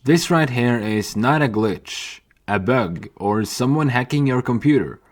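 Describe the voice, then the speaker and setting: A young man narrating a video essay in a candid, animated way that includes swearing. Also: medium pitch, a little slow.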